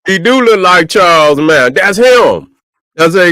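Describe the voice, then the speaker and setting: A man's voice: sits high, big pitch swings, measured pace, smooth, dry recording, studio quality. Profane man ranting. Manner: loud, profane, repetitive, addresses viewers. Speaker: online commentator. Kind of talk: profane livestream rant.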